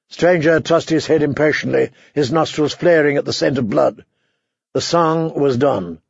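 A man narrates an audiobook in a measured, dramatic way. His voice sits a little high, with a gravelly, husky texture. The sound is dull and dry, like a close lo-fi recording. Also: dry recording. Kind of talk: scripted narration.

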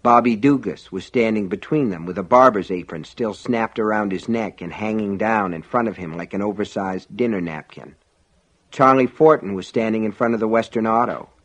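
A man reading an audiobook in a measured, dramatic storytelling manner. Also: fairly low pitch. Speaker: audiobook narrator. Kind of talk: scripted audiobook narration.

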